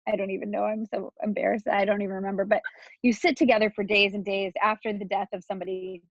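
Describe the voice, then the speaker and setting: Woman from Texas, thirties, interview guest, gravelly voice, rambling with fillers, dry muffled recording. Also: medium pitch, flat delivery, fast talker, dry recording. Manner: talks in a loose flow, with many "like" and restarts. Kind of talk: candid personal interview.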